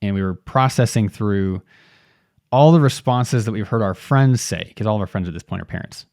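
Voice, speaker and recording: A man's voice: fairly low pitch, darkish tone, dry recording, clean studio sound. A young man hosting an interview, telling a family story with hesitant restarts as he thinks aloud. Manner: halting, restarts often while thinking aloud. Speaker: host. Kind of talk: casual interview chat.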